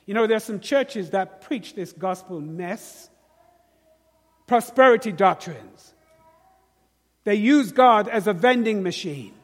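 Slow high-voiced British preacher. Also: male voice, long reverb tail. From Britain. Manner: call-and-response preaching, rhetorical questions to the congregation. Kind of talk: sermon.

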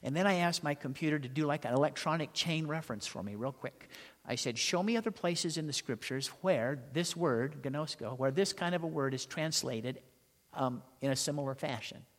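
A man preaching a sermon as pastor, telling stories and asking the congregation rhetorical questions. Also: on the high side. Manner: storytelling preacher, rhetorical questions, dramatic pauses. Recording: long hall reverb.

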